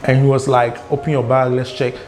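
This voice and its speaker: A young man from Ghana, a travel vlogger, telling an airport story in a casual, animated way and acting out the dialogue. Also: medium pitch, brisk. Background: guitar music.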